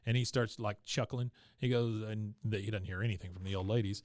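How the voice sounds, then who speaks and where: A man's voice: medium pitch, fairly quick, no echo. Dry-voiced man casually recapping. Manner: laughs often, narrates scenes with quoted lines. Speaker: podcast co-host. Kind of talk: casual chat recapping an episode.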